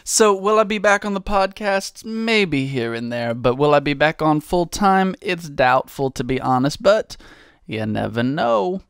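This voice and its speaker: A man's voice: on the high side, lively intonation, a little slow, creaky, a bit bright, clean tone, dry recording, studio quality. A man answering viewer questions in a casual, rambling, self-mocking way. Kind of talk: casual Q&A monologue.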